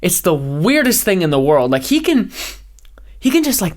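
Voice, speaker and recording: Give me a high-energy young man hosting a casual podcast, rambling and animated. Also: moderate pace. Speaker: podcast host, former radio DJ. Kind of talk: casual solo podcast rant.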